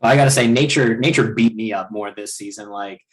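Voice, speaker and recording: A man who is a coach, a guest in casual chat, chiming in with quick agreement and jokes. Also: on the low side, low-quality recording.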